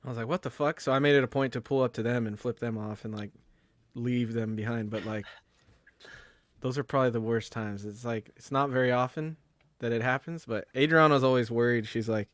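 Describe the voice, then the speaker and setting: A man's voice: mid-range voice, steady tone, a little fast, fairly bright tone, no room sound. A man telling casual stories to friends with many fillers. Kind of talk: casual group chat.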